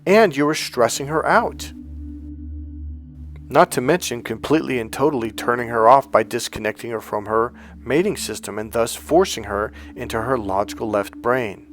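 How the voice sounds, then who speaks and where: A man talking as a dating coach, telling a story to his viewers in a blunt, emphatic, profane way with sudden loud bursts. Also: medium pitch, brisk, hardly any pauses, soft background music.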